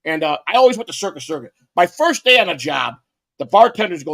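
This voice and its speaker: A man's voice: fairly high pitch, sing-song, fast talker, vocal fry, fairly bright tone. A man in his fifties, a podcast co-host, telling rambling, profane stories in casual chat with lots of restarts.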